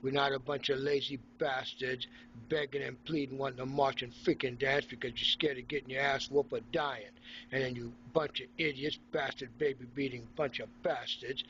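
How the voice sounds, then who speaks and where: A middle-aged Haitian vlogger rants sarcastically and combatively into his phone in a selfie monologue from an indoor room. His medium-pitched voice is a bit bright, and the dull audio carries slight background noise.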